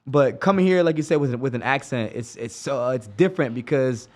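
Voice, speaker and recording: A man from Jamaica hosting a casual podcast chat, relaxed and quick with short affirmations. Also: mid-range voice. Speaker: podcast host.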